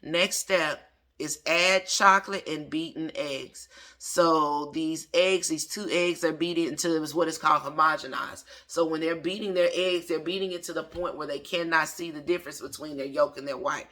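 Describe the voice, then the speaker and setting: Man, late thirties, chef, casual cooking lesson, chatty, bright voice. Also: a little high, steady tone, moderate pace. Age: 30s. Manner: chatty, talks back to the recipe author. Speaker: chef reading old cookbooks.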